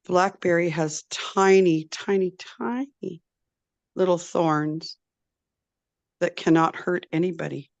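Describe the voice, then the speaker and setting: A woman storyteller telling a traditional tale in a slow, deliberate, repetitive way. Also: on the low side, steady tone, creaky, no room sound, highs cut off. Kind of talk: oral storytelling.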